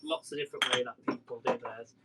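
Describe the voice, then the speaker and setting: Brief: man, mid-pitched, easygoing cooking-stream host, talks while he chops, noisy kitchen recording. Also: steady tone, quick pace. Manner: chatty, rambling, talks to viewers while working. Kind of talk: casual live cooking demo. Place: home kitchen.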